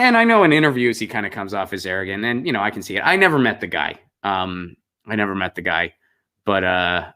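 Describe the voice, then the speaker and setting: A man in his thirties talks through a loose, rambling monologue, full of "like" and "um" and false starts. His voice sits a little low and has a bright, forceful edge. He slides easily into sarcasm. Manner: rambling, sarcastic, many fillers and restarts. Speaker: host. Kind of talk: casual monologue.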